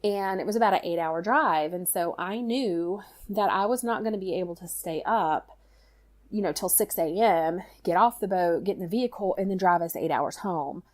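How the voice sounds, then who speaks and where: A middle-aged woman tells a personal story in casual chat, animated and full of "you know" fillers. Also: lowish voice, moderate pace. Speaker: guest storyteller, mother.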